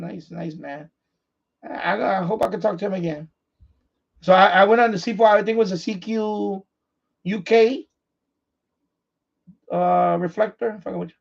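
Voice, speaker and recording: The host is a man with a high, gravelly and husky voice who rambles and keeps circling back over the same point. The stream audio sounds dull and lo-fi. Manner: repetitive, restarts sentences often. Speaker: livestream host, amateur radio operator. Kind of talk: casual rambling chat.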